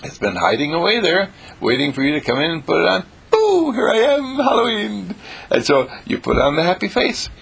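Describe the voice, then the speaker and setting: Very husky, gravelly man, exuberantly animated. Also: fast talker, hardly any pauses. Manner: exuberant, swooping between high exclamations and low murmurs, repeats phrases. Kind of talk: inspirational monologue.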